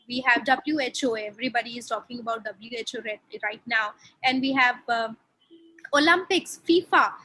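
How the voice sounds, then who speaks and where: A woman's voice: sits high, sharp tone, rough recording. A woman from India teaching a lecture on learning French, explaining step by step and putting questions to her listeners.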